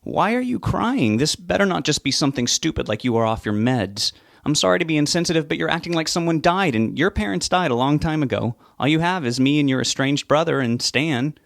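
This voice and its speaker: An impatient, exasperated grown son, as a man reads him aloud. The voice is pushed higher than the reader's own and carries a gravelly grain. He talks sharply, with little patience. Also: expressive, fairly quick, no room sound, clean studio sound. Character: irritated, impatient adult son.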